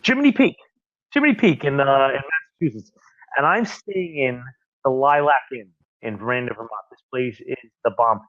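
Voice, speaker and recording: A man's voice: mid-range voice, lively intonation, normal speed, fairly bright tone, dry recording, lo-fi sound. A man hosting a casual podcast roundtable, chatty and rambling as he talks. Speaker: host. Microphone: video call.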